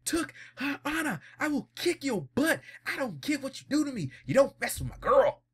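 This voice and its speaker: A young hero roars with outrage, pitched far up and loud, as a man acts him out in a video recap. Every line comes out strained and high. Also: big pitch swings, moderate pace, exaggerated voice. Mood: enraged. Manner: shouting, outraged.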